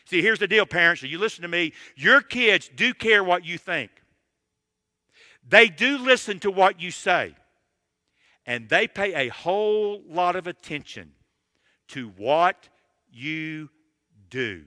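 Bright-voiced man preaching emphatically. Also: high voice, lively intonation, measured pace, no echo, big-room sound. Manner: emphatic, numbered points, direct address. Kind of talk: sermon.

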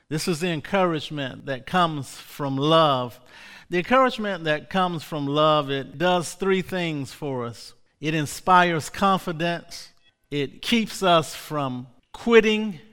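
A man preaching a sermon, leading the congregation in call-and-response and building to fervent shouts. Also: on the high side. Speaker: pastor. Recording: long hall reverb.

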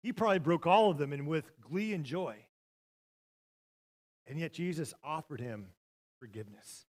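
A middle-aged man preaching a sermon, telling stories and swinging from loud, shouted passages to hushed, quiet lines. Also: fairly high pitch, animated, moderate pace. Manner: storytelling, swings from loud shouting to near-whispers. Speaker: pastor.

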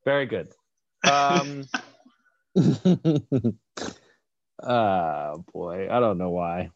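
A man co-hosting a comedy podcast, wry and deadpan, often trailing off with fillers. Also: on the low side, extremely slow, highs cut off. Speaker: podcast co-host. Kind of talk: casual comedy banter.

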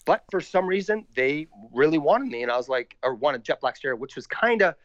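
A man, a musician and podcast guest, telling a story in a casual, animated way and slipping into voices for the people he quotes. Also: on the high side, no room sound. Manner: animated, acts out other people's lines in quick changing voices. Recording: dry, slightly dull lo-fi sound.

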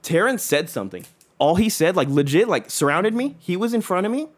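A man's voice: high voice, big pitch swings, a little fast. A young adult man telling a long personal story in casual chat, rambling with lots of fillers and swearing.

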